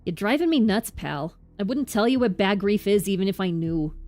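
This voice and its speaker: A woman voicing a gruff, evasive male street thug in an attempted New York accent, read aloud from a game. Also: mid-range voice, animated, normal speed, a little mellow, faint music behind, lightly acted. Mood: stubborn.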